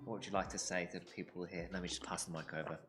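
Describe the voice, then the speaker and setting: A man's voice: sits low, fairly even intonation, rapid-fire, fairly bright tone, faint music behind. A man keeping time on a workout stream, counting down and making dry, teasing jokes. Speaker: co-host and timekeeper.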